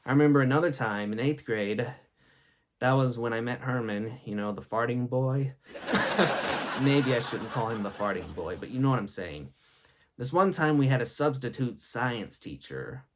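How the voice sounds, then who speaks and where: A man's voice: mid-range voice, lively intonation, normal speed. A young man hosting a show, telling funny school stories and laughing at his own jokes. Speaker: host. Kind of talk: comedic storytelling.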